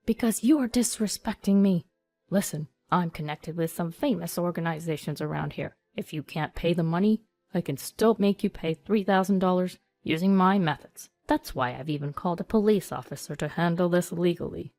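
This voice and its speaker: Woman reading as a bullying old shop owner, kinda low and mellow, real dry sound. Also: normal speed, few pauses, soft background music, close to an everyday voice. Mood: menacing. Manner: blustering and menacing. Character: greedy, threatening old male steakhouse owner.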